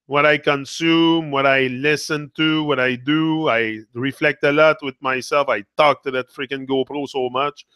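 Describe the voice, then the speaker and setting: French-accented man, bright and dry, rambling earnest motivational vlog talk. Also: mid-range voice, steady tone, measured pace, few pauses, clear, resonant tone, dry recording. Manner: rambling, self-correcting, earnest. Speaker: motivational vlogger. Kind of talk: casual live motivational talk.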